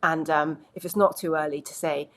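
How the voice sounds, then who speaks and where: A woman's voice: sits low, fairly even intonation, moderate pace, a little hiss or hum. A woman giving an earnest, reassuring coaching talk to camera in a conversational way, checking in with the listener. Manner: conversational, many "you know" fillers.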